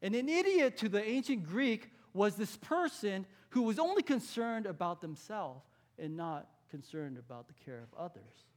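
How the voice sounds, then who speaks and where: Man, pastor's sermon, fairly high voice, talks with the congregation, quiets down for emphasis. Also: big pitch swings, moderate pace, few pauses. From California. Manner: conversational, asks the audience questions, drops to a hush for key points.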